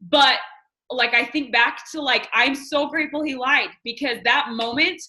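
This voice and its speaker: A woman in her thirties tells her team a personal story and coaches them. Her voice sits fairly high and sounds bright and forceful. She talks candidly and emphatically, with lots of fillers. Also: a little slow, low-quality recording. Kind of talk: personal story and motivational talk.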